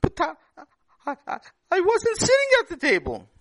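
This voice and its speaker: A man's voice: very high voice, wildly swooping pitch, normal speed, a bit bright, dry recording, voice pushed up, full character voice. A man voicing an earnest young boy who stammers and pleads, in a storybook told aloud. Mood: pleading.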